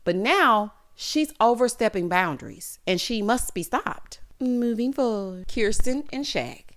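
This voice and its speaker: A woman in her thirties giving a sassy, animated recap of a reality show, calling her viewers honey and child. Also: a little high, unhurried. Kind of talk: casual recap commentary.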